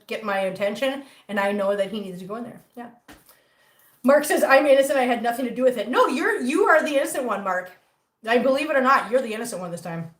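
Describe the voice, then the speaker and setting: A woman's voice: on the high side, a bit bright. Chatty woman in an echoey room. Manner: chatty, teasing, reads viewer comments aloud. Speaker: cat channel host. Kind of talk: casual livestream chat. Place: home room.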